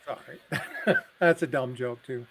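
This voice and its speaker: A man's voice: medium pitch, takes it slowly, background noise. A middle-aged man on a casual live stream, telling jokes and family stories, acting out the voices as he goes. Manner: animated, acts out voices in his stories.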